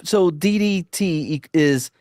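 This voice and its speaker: A man's voice: fairly high pitch, slow pace, a little mellow, no echo, studio quality. A man on a casual podcast panel who pushes back skeptically and swears freely.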